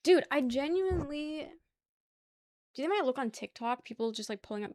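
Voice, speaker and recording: A woman's voice: high-pitched, expressive, a little fast, darkish tone, dry recording. A young woman livestreaming casual chat with her viewers, rambling, laughing easily and swearing offhandedly. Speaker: livestream host.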